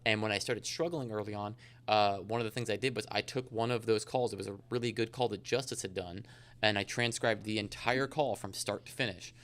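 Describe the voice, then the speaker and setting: Brief: man, podcast guest, rapid rambling delivery, smooth crisp voice, lowish pitch. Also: fairly bright tone. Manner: fast, rambling storyteller with many fillers. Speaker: insurance agent guest. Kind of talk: casual podcast interview.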